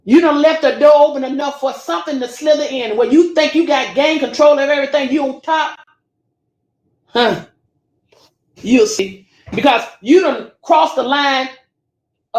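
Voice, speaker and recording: A woman with a high voice delivers a scolding, preachy rant straight into her camera. She lectures her listeners and calls them baby and family. The room around her rings with echo. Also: moderate pace, a little mellow. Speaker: YouTube commentator.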